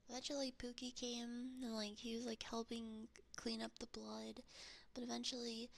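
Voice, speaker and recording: A woman's voice: fairly high pitch, creaky, pushed and bright. A woman streamer telling a rambling story in whispered ASMR chat into a binaural mic, breaking into giggles often.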